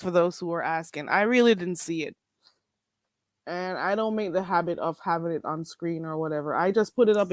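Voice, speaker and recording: A woman's voice: on the low side, no echo. A woman with a Jamaican accent hosting a casual livestream, reading chat comments aloud and exclaiming. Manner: animated, laughing, exclaiming at chat. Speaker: livestream host.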